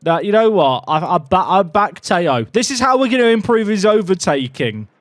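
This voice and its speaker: A young man giving excitable, jokey commentary while playing a racing game, talking to his chat and shouting at his drivers. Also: sits high, normal speed, no echo, clean studio sound. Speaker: gaming video creator. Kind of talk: casual gameplay commentary.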